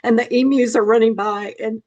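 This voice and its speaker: A woman's voice: a little high, steady tone, moderate pace, warm tone, lo-fi sound. Earnest, emphatic woman author. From Memphis, Tennessee. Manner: earnest, emphatic, repeats phrases for stress. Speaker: author guest. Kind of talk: interview conversation.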